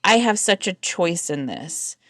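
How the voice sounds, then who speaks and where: A woman's voice: on the low side, big pitch swings, a little slow, fairly bright tone, dry recording, studio quality. A woman co-hosting a casual faith podcast over a computer call, earnest and reflective. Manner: earnest and reflective, with many fillers. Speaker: podcast co-host. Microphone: recorded over a computer call.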